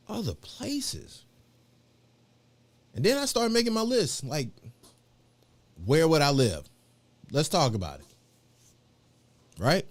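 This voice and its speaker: Man hosting a live stream, rambling slangy talk, gravelly voice, sing-song delivery. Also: mid-range voice. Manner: rambling, slangy, full of fillers. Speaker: host of a live show. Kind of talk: casual livestream chat.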